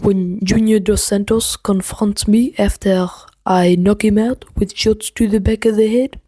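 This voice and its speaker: A woman putting on a mock French accent to voice a male fighter owning up to his fouls, in a whispery, breathy voice. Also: mid-range voice, steady tone, unhurried, dark tone, no echo, clean studio sound. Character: man with a fake French accent confessing fouls.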